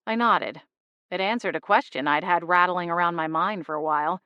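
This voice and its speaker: A woman narrating a first-person audiobook in a steady, even storytelling voice on a studio microphone. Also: on the low side, a little fast, clear, resonant tone, dry recording, lo-fi sound.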